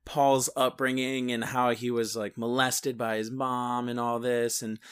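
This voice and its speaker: A man's voice: mid-range voice, level tone, a little slow, a bit bright, clear, resonant tone. Man in casual chat about a film. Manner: conversational, acts out quotes with bursts of energy.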